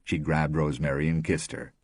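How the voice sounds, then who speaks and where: A man narrating an audiobook in a steady, expressive reading on a close mic. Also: extremely low pitch, brisk, dry recording. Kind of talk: scripted narration.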